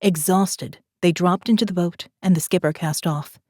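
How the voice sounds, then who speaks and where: A woman narrating a thriller audiobook in a steady, measured reading voice, close to a studio mic. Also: fairly low pitch, no room sound. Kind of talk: scripted narration.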